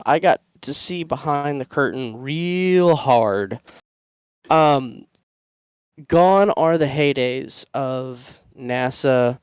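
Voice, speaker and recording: A man with a smooth, resonant voice talks casually on a podcast panel. He rambles and stops to restart himself often, and the mic sound is dry and close. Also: mid-range voice, dry recording. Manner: rambling, halting with many fillers and restarts. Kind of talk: casual chat.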